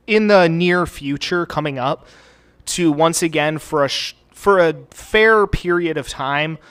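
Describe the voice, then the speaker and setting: A man at home talks over a racing game for his channel in an unscripted, meandering way. His pitch sits mid-range for a man, and he swears freely while joking at his own expense. Fillers and restarts run all through his talk. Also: a bit bright. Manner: rambling, profane and self-deprecating, many fillers. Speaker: gaming channel host. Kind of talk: casual gameplay commentary. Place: home recording space.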